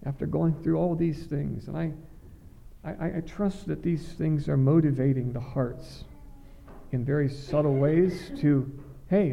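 A middle-aged man preaching a sermon, earnest and halting, often repeating words as he restarts. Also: fairly high pitch, vocal fry, warm tone, dull audio.

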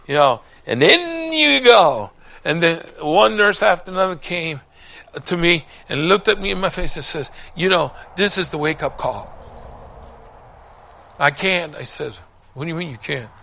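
High, gravelly older preacher. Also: male voice, highs cut off. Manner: storytelling, building to loud exhortation. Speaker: pastor. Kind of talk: sermon with personal story.

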